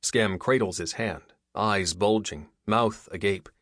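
A man narrating a story in a measured, even way, as an audiobook reader. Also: lowish voice, dry recording, studio quality. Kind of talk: scripted narration.

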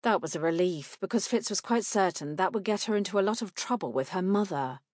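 A woman narrating an audiobook in a measured, clear way. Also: medium pitch, lively intonation, a little mellow, no room sound, studio quality.

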